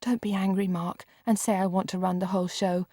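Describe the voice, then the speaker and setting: A woman's voice: mid-range voice, flat delivery, a little fast, dark tone, no room sound, studio quality, natural voice. A woman reader voicing a frightened, meek young girl who turns apologetic and tearful. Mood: pleading. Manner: anxious, apologetic, tearful at times.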